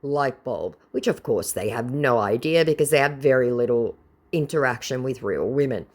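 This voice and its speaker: A woman's voice: extremely low pitch, normal speed. A woman hosting a channel, reading a chat exchange aloud with sarcastic, mocking commentary. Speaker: channel host.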